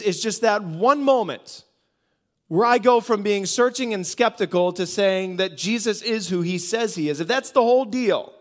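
This high-voiced preacher from the United States delivers a sermon that feels like conversation. Rhetorical questions come up regularly, and he builds each point by echoing phrases again and again.

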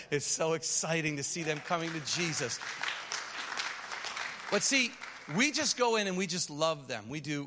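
Man, missionary pastor, sermon testimony, animated storytelling, lively swinging pitch, slightly high voice. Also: a little hiss or hum. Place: church stage under lights.

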